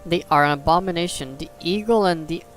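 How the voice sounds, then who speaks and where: A livestreamer reads old scripture aloud in a middle-pitched voice, stumbling and restarting on the archaic words. Faint music plays behind the steady reading. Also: a little fast. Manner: breaks off into joking asides.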